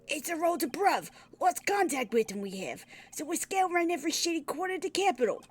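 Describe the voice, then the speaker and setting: A woman's voice: high voice, sing-song, fairly quick, pitched above the performer's own voice. A woman doing a swaggering cockney thief. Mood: boastful. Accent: put-on cockney. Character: cocky young male cockney thief.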